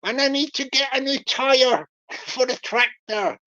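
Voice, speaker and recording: A woman's voice: high voice, extremely slow, bright, forceful tone, full character voice. A woman voicing a wheedling male scammer from Bristol who repeats himself and cajoles, breaking into laughs between lines. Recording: lo-fi dull stream audio.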